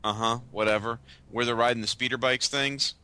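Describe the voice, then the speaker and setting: A man co-hosting a casual podcast chat, hesitant and thoughtful, with many pauses and ums. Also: medium pitch, fairly even intonation, bright, forceful tone, smooth, dry recording. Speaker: podcast co-host.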